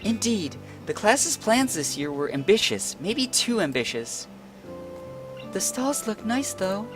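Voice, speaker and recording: A man voicing a polite, well-bred young female student, in a soft, refined and measured manner, over faint guitar music. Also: high-pitched, big pitch swings, pitched above the performer's own voice, full character voice. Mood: gentle.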